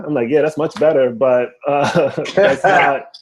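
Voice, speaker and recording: A man's voice: medium pitch, normal speed. Young man telling stand-up stories over a video call. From family from Haiti. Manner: animated storytelling, laughs at own jokes. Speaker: stand-up comedian. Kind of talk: stand-up comedy set.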